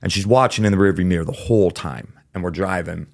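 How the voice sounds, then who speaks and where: Guy on a podcast telling his story, real low voice, lots of vocal fry, super casual and blunt. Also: fast, no room sound, studio quality. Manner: casual and candid, with frequent fillers and swearing. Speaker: podcast guest. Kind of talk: candid storytelling in a podcast interview.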